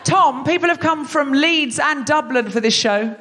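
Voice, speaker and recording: A woman's voice: sits high, moderate pace, background noise. Teasing woman hosting a live comedy show. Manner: chatty, self-mocking, teasing the audience. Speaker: podcast host. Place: theatre stage before a live audience.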